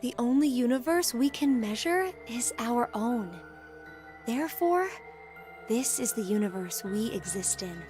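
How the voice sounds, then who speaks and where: An actress voicing a calm young woman in a game who lectures and reasons step by step. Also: fairly high pitch, unhurried, faint music behind. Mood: calm, reasoning.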